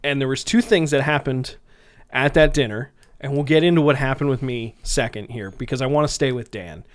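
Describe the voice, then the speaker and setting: A man's voice: mid-range voice, a little fast. A man hosting a sports podcast, chatting casually and explaining things for listeners. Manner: explains for non-hockey listeners, lively. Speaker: podcast host.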